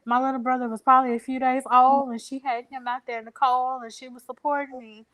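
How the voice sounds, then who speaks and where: Emotional young woman, higher voice. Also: little pitch movement, a bit bright. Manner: emotional, halting, many fillers. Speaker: interview guest. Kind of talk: personal storytelling.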